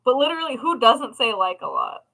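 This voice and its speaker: A young woman with a bright, sharp-edged voice that sits a little high, talking casually while she works on a craft at home. She rambles from thought to thought, swears freely and laughs at herself as she goes. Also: wildly swooping pitch, fairly quick, low-quality recording. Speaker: crafting livestream host.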